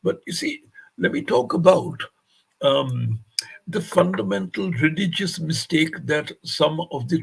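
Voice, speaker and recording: A man's voice: a little high, creaky, breathy edge, poor audio. An older man, a poet and translator, telling anecdotes on a festival stage and acting out the voices of the people he quotes.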